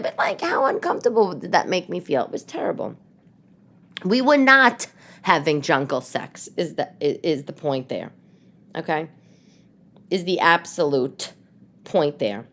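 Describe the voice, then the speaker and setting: A middle-aged woman with a New York accent hosts her own casual chat show. Her voice sits on the low side. She tells stories in an animated, rambling way, stopping and restarting her sentences. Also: unhurried, long pauses. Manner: chatty, animated storytelling with frequent restarts. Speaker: podcast host.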